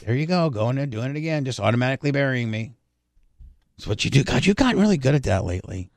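A man's voice: mid-range voice, expressive, fast talker, no echo, clean studio sound. A man hosting a podcast, telling stories in a blunt, profane, rambling casual chat. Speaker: podcast host.

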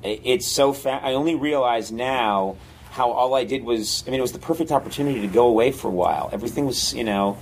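Male comedy writer, mid pitch: loose, rambling storyteller in a casual chat. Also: quick pace, a little hiss or hum, low-quality recording. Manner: rambling, filler-heavy storytelling. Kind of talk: casual podcast conversation.

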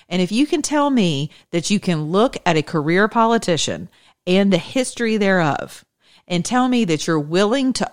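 A woman giving an opinionated, chatty monologue to her followers, emphatic and sarcastic. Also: fairly low pitch. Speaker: political commentator.

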